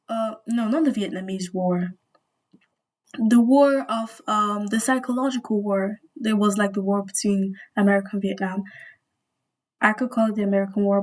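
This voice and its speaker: A woman's voice: a little high, a little mellow, low-quality recording. A young woman vlogger, a little sick, rambling and gushing in casual slangy storytime chat.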